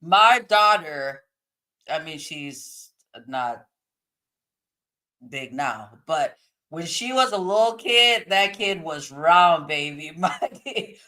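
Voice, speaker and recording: A woman's voice: low-pitched, expressive, takes it slowly, pushed and bright. A woman hosting a casual live stream, reading chat comments aloud and laughing often as she chats.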